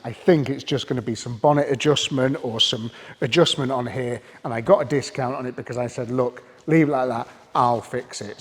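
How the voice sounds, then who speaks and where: A man's voice: mid-range voice, breathy edge, long reverb tail. A man with a British accent talking candidly and chattily in a casual car review vlog, often restarting sentences mid-thought. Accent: British English. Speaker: car vlogger.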